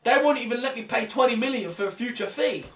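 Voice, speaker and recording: A man's voice: very high voice, quick pace, a bit bright, roomy sound, recorded from a distance. A young man commentating his football game to viewers, chatty and exasperated, calling them guys. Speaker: gaming YouTuber. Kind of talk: gameplay commentary.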